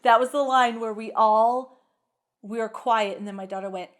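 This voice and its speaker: A middle-aged woman co-hosting a podcast in casual chat, lively and quick to act out lines in voices. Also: a little high. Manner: animated, acts out lines from the film in voices. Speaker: podcast co-host.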